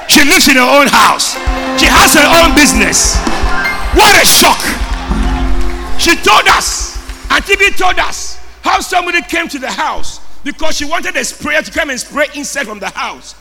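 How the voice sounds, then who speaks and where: Shouting Ghanaian preacher, very high voice. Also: male voice, animated, normal speed, creaky, in a large hall. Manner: shouting, call-and-response preaching. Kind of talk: sermon. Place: church service. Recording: preaching over loud music.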